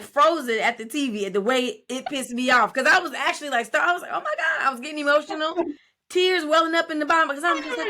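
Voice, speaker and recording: A woman co-hosting a casual podcast, her voice a little on the high side and swinging widely in pitch. She tells stories with lots of swearing and animated asides to listeners. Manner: animated, profane storytelling with acted quotes. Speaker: podcast co-host. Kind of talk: casual chat.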